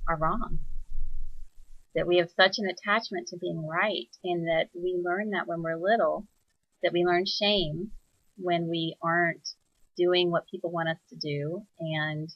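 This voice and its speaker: A woman hosting a reflective spoken monologue, soft-spoken and searching, pausing often with fillers as she thinks aloud. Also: fairly low pitch, dry recording, dull audio. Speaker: spiritual teacher.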